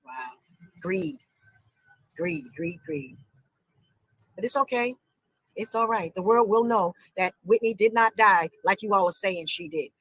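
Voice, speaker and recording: A woman speaks in an indignant, repetitive manner, stacking words for emphasis. Her mid-pitched voice sits close and dry in the recording. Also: normal speed, fairly bright tone, no room sound, low-quality recording. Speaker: family member of a late singer.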